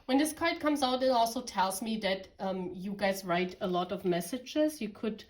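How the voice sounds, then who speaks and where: A woman's voice: mid-range voice, lively intonation, moderate pace, poor audio. A woman from Germany giving a casual tarot reading, chatty and giggly, talking straight to her viewers. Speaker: tarot reader.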